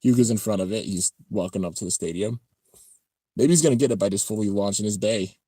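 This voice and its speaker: A man hosting a casual live-stream reaction, talking excitedly and rambling as he comments on an episode. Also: fairly low pitch, quick pace, husky, no room sound, studio quality. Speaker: channel host reacting to an anime episode.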